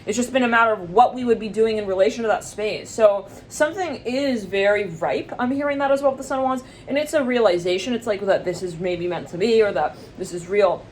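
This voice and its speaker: A woman's voice: a little fast, hardly any pauses, a little hiss or hum. Chatty woman doing a casual tarot reading. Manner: chatty, rambling, laughs often, acts out quoted people in high squeals. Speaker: tarot reader.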